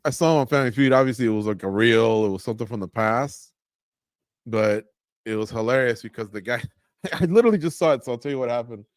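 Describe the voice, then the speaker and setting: A man co-hosting a live fight watch-along, chatting casually and telling stories with lively acted-out quotes. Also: medium pitch, fast talker, dry recording, studio quality. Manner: animated storyteller, acts out quotes. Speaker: co-host.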